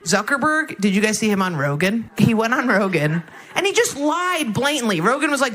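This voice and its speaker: A woman's voice: fairly high pitch, big pitch swings, a little fast, a bit bright. A woman doing a stand-up set, dry, mocking and casual as she tells her jokes. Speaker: stand-up comedian. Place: comedy club stage.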